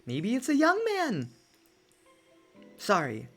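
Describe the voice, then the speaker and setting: Slow, chatty game streamer over faint music. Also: mid-range voice. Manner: chatty, jumps between excited exclamations and mumbled asides. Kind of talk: live game stream commentary.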